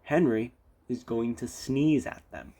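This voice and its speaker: A man's voice: medium pitch, slow pace, mellow. A man voicing a sensible engine driver who explains things steadily in a storybook reading. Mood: calm. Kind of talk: storybook read-aloud.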